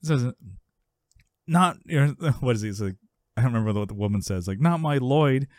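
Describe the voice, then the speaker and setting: A man's voice: lowish voice, animated, fast, darkish tone, no room sound, studio quality. A man co-hosting a podcast, recapping a sitcom episode in casual chat, laughing often and acting out the characters' lines in a raised voice. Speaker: podcast co-host.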